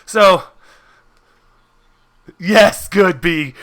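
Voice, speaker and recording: A man narrating a tabletop game as game master, animated and jokey, laughing often. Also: on the high side, normal speed.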